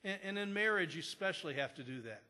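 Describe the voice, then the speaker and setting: High, expressive and fast, this man's voice sounds pushed and bright as he preaches as pastor. His sermon is conversational storytelling with many restarts, recorded in a church sanctuary with long hall reverb.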